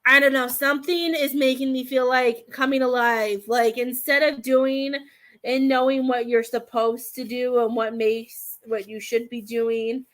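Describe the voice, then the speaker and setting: Her voice sits a little high, with a level tone and measured pace. She's a medium reading tarot on a live stream, rambling hesitantly, leaning on "I feel like," and occasionally growing tearful and emotional.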